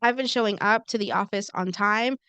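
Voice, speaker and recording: A woman's voice: mid-range voice, fairly quick, pushed and bright, clear, resonant tone, no room sound. A woman co-hosting a podcast, telling a personal story in casual chat and acting out quoted lines. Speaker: co-host.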